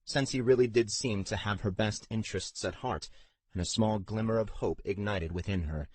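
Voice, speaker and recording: In a low, husky voice at a moderate pace, a male narrator reads a fantasy audiobook with steady, even storytelling. The scripted narration is recorded dry and close, with no room sound.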